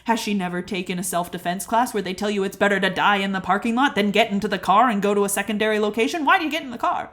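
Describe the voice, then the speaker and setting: A young woman hosting a comedic movie recap, animated and incredulous, laughing often as she tells the story. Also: medium pitch, fast, few pauses. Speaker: video essay host.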